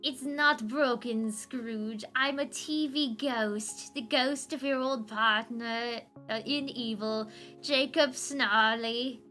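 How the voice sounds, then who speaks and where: A woman's voice: a little high, fairly even intonation, slow, bright, forceful tone, faint music behind. A woman voicing a snivelling male ghost who warns his old partner, in a whiny put-on voice. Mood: ominous. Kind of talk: comic read aloud with voices.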